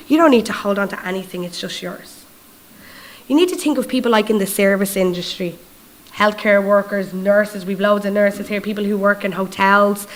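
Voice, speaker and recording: An Irish woman preaching at a mid-range pitch, telling stories with lively energy. She acts out the dialogue in quoted voices and keeps checking in with her audience in a chatty, conversational way. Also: low-quality recording. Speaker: guest preacher. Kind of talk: storytelling sermon.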